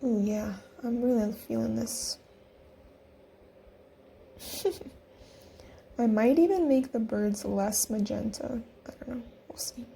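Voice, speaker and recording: A woman's voice: on the high side, slow pace, vocal fry, pauses often, warm tone, slight background noise. A young woman casually narrating a design tutorial, chatty and giggly as she talks through each click. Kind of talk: casual screen-recorded tutorial.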